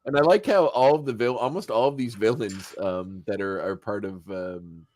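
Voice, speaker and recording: A man's voice: on the low side, moderate pace, slight background noise. Chatty man recapping a cartoon episode. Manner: animated storyteller who acts out quotes and chuckles. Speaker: podcast host. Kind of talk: casual podcast chat recapping a cartoon.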